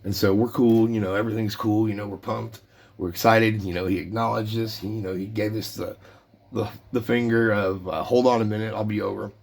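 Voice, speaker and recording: A man's voice: on the low side, fairly even intonation, brisk, gravelly. A middle-aged man casually telling a rambling story about collecting trading cards, full of fillers and restarts. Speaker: card collector vlogger.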